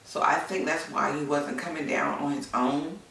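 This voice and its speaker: A woman's voice: sits low, fairly even intonation, moderate pace, vocal fry, a bit bright, a little hiss or hum. Chatty woman in an echoey room. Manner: candid, chatty storytelling with many fillers. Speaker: vlogger, new mother. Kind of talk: personal storytime. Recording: echoey room, mic at a distance.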